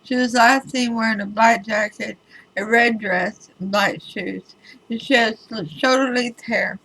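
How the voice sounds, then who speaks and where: A woman's voice: on the high side, steady tone, measured pace, vocal fry, a bit bright, breathy edge, low-quality recording. A woman tarot reader talking casually to her viewers, chatty and emphatic with wry asides. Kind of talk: casual spoken tarot reading video.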